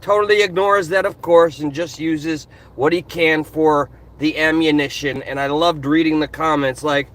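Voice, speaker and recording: Brief: male vlogger, high and bright, passionate car rant recorded on a phone. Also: normal speed, few pauses. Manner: passionate, animated. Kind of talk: casual ranting commentary. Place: in his car. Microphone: phone camera.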